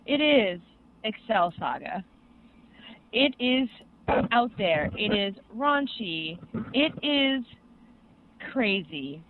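A young adult co-host excitedly rambling through an anime recap in casual podcast chat, full of fillers. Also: medium pitch, slow, long pauses, a little hiss or hum. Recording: tinny phone-like sound.

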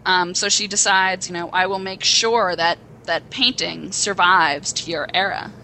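Excitable young woman with a bright voice. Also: lowish voice, a little slow, slight background noise, low-quality recording. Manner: excitable, rambling plot retelling with acted quotes. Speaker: podcast co-host. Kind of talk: casual chat.

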